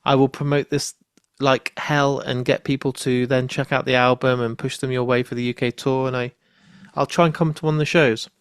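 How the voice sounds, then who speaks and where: A man's voice: medium pitch, level tone, brisk, clear, resonant tone, no echo, clean studio sound. A man hosting a podcast, chatting casually with a guest and swearing freely. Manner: laid-back, swears casually. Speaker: podcast host. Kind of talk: casual interview chat.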